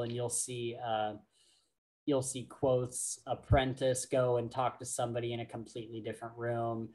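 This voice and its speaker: Slow, halting male podcast host. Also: medium pitch. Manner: slow, halting, many fillers and restarts. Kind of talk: casual book discussion.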